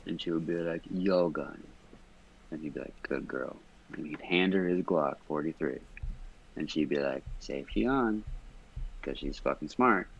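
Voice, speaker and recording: A man talks in a very low, gravelly, husky voice, rambling and swearing through loose podcast chat. He sounds stoned and giggly, and the audio is dull and lo-fi. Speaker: podcast guest.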